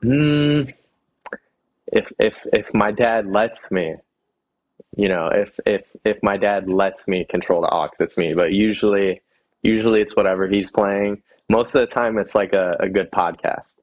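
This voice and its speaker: A man's voice: on the low side, a little slow. Hesitant young man on dull audio. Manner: hesitant, repeats words, laid-back. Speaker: guest athlete. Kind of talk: casual interview answers.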